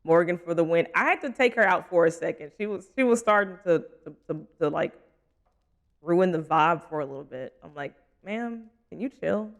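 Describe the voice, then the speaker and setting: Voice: mid-range voice, brisk, vocal fry. A young adult streamer in casual live stream chat while gaming, giggly, chatty and playfully teasing.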